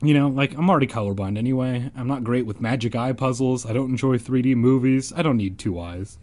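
A man's voice: mid-range voice, fairly quick, a little mellow. A man casually reading a children's horror book aloud and breaking off for rambling, joking asides. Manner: rambling, joking, self-deprecating. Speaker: reader and host.

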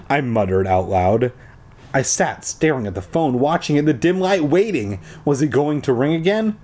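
A young man reading a storybook aloud with sarcastic asides, animated and playful. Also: mid-range voice, normal speed.

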